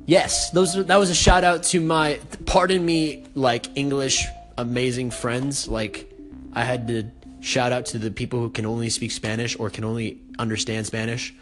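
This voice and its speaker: A man's voice: mid-range voice, level tone, moderate pace. A young American man hosting his own radio talk show, stuttering and stumbling over his words as he chats casually. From United States. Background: music.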